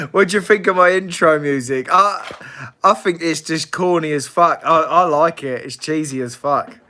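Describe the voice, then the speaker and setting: Man, bright voice, fairly high, blunt sweary livestream chat, laughs a lot. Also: unhurried. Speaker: livestream host. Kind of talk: casual live Q&A chat.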